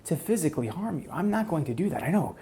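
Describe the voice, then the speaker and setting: A man voicing a smug, menacing male hitman in a whispered role-play, taunting his captive in a soft, close voice. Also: a little high, lively intonation, fast. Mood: menacing calm. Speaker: ASMR role-play performer.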